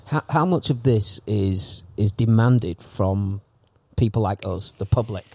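Host: lowish, mellow male voice, casual, asks probing questions. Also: unhurried, gravelly. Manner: short, agreeable interjections and probing questions. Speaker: podcast host. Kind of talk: casual podcast chat.

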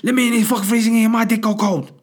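A man's voice: mid-range voice, steady tone, measured pace, fairly bright tone, breathy edge. A man voicing a bossy, cheeky small male dog with a put-on foreign accent, blunt and demanding.

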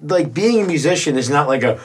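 A man co-hosting a casual chat, animated, rambling and swearing freely. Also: fairly high pitch, brisk, breathy edge.

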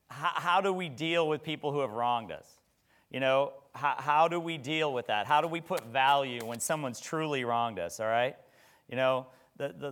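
A middle-aged pastor with a mid-range, fairly bright voice preaches a sermon conversationally. He uses rhetorical questions and frequently restarts his sentences.

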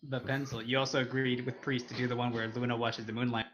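A man's voice: medium pitch, little pitch movement, fast, a bit bright, a little hiss or hum. A man chiming in during a casual podcast chat. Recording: dull lo-fi sound.

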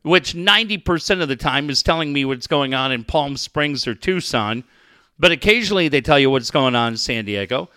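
A man co-hosting a radio show, trading crude, comic banter and reading live ads, often breaking into shouted rants. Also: mid-range voice, animated, fairly quick, clean tone, no room sound, studio quality. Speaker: radio co-host. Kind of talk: profane comedic banter with live ad reads.

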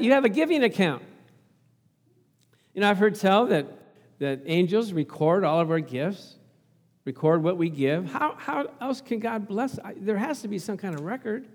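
High-voiced preaching man in a reverberant hall. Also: expressive, moderate pace, long pauses. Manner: storytelling, acts out quoted voices, calls for amens. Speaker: pastor. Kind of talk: sermon with personal story.

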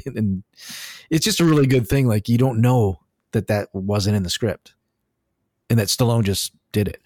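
A man co-hosting a casual podcast, talking in a rambling, animated, profane way. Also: lowish voice, normal speed, dry recording, clean studio sound. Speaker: podcast co-host.

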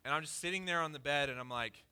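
Man, pastor, casual storytelling sermon, candid, fillers, slightly high voice. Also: fast, bright, forceful tone, smooth. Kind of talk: conversational sermon with a personal story.

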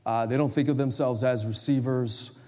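Energetic pastor preaching in reverberant hall. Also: male voice, mid-range voice, normal speed. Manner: conversational, energetic preaching with audience prompts. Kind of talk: sermon. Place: church sanctuary.

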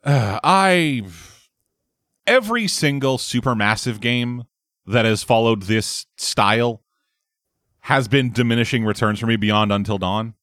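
A man's voice: mid-range voice, unhurried, no room sound, studio quality. A man in casual chat, bluntly and profanely tearing into a game. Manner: blunt, profane, animated critique.

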